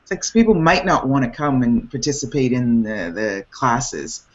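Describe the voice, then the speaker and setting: A woman hosting a casual group video chat, animated and laughing often, with many restarts. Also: rumbling low, normal speed, muffled recording. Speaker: host. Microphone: video call.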